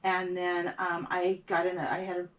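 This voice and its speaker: Middle-aged woman telling a story, stops and repeats herself, lowish voice, mic a bit far away. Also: completely flat delivery, fairly bright tone. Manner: halting, repeats words, acts out quoted voices. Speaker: beadwork artist. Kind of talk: casual storytelling interview.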